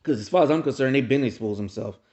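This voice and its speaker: A man with a mid-range, darkish voice talks fast while hosting his own commentary video. He rants emphatically in casual reaction style, speaking straight to his viewers, and the recording sounds roomy, dull and lo-fi.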